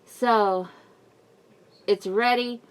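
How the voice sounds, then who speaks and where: Speaking very slowly in a fairly high, steady, clean voice, a middle-aged woman vlogs a casual update from behind a face mask. Her story to viewers rambles and turns emotional, with frequent laughter and sighing.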